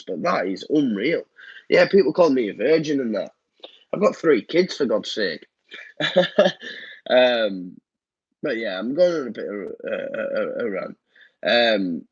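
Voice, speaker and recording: Casual live-stream host, thirties, husky and nasal from a cold, dull lo-fi mic. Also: male voice, mid-range voice, dry recording. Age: 30s. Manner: rambling, frequent ums and repeats. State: blocked nose, downbeat. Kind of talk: casual live-stream chat reading comments. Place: home room.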